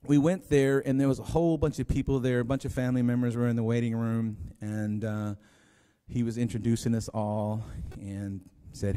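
A man's voice: mid-range voice, level tone, moderate pace, dark tone, smooth. A man preaching a sermon as pastor, telling a story in a rambling, conversational way with many restarts. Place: church sanctuary. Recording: long hall reverb.

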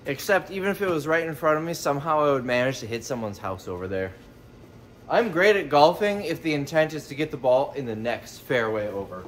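A man's voice: on the high side, lively intonation, brisk, a little hiss or hum. A man giving casual, joking commentary while unboxing items for resale, thinking aloud as he goes. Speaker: reseller vlogger.

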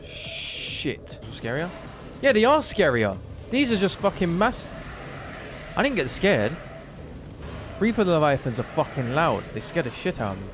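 Excitable young gamer, lively pitch. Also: male voice, measured pace, music in the background. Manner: excitable, swearing, talks to the game. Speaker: streamer. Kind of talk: live gameplay commentary.

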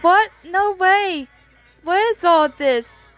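A woman voicing a whiny, excitable teenage girl heroine who scares easily, with faint music behind. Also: very high voice, slow pace, heavily acted. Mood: excited, startled. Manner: whiny and excitable, prone to cries.

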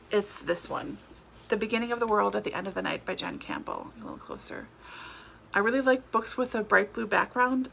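Chatty woman with a gravelly edge. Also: medium pitch, sharp tone, a little hiss or hum. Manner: chatty, laughs often, self-correcting. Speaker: book vlogger. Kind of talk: casual book tag chat.

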